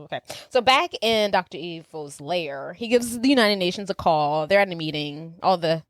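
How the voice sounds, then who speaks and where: A woman co-hosting a podcast, chatting casually about a movie with lively, laughing banter. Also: lowish voice, moderate pace, no room sound. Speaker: podcast co-host. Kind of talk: casual movie recap chat.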